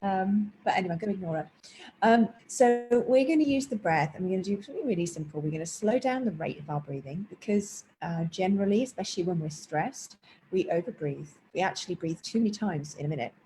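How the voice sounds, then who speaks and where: A woman's voice: fairly low pitch, expressive, quick pace, dark tone, a little hiss or hum, poor audio. A woman meditation teacher at home, explaining breathing in a chatty way and breaking off now and then to talk to her cat. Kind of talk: casual spoken class introduction. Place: at home indoors, rain outside.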